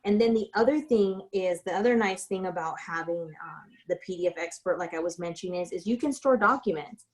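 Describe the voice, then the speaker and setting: A woman's voice: lowish voice, a little fast, few pauses, rough recording. Chatty woman real estate broker. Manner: chatty, frequent fillers and restarts. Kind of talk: casual tutorial with anecdotes.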